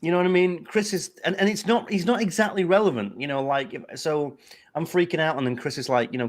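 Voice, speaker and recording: A man's voice: fairly high pitch, fast. Rambling male host telling a story. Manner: rambling storyteller who quotes his own thoughts. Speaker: host, fragrance reviewer. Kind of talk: casual livestream conversation.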